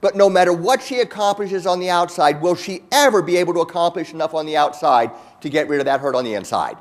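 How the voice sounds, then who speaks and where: A man giving a motivational keynote talk to a large audience, earnest and emphatic, repeating words and slowing down for key points. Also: a little high. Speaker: keynote speaker. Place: large conference hall.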